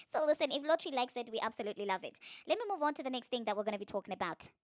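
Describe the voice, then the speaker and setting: A woman rants through celebrity gossip with biting sarcasm in a reaction vlog. Her voice sits a little high, and the recording is close and dry with no room sound. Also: lively intonation, racing, dry recording. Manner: sarcastic, ranting, mimics others in high mocking voices.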